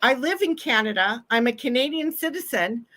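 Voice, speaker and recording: A woman's voice: high voice, lively intonation, normal speed, a bit bright. A middle-aged woman with a Pacific Northwest American accent, hosting a livestream in chatty, casual talk and laughing often. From Washington State, USA. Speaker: livestream host. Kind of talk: casual chat.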